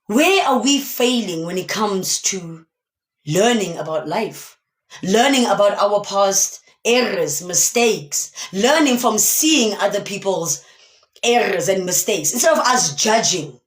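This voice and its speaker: A woman's voice: mid-range voice, animated, slow pace. A woman from South Africa giving a motivational talk on a live stream, speaking emphatically and asking many rhetorical questions. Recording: echoey room.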